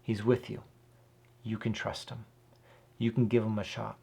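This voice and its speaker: A man's voice: fairly low pitch, little pitch movement, a little slow, creaky, dark tone, breathy edge. A man hosting his own channel, giving casual Bible teaching to camera in an earnest, emphatic way, often asking rhetorical questions and adding "right?". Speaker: host of a Bible and whiskey channel.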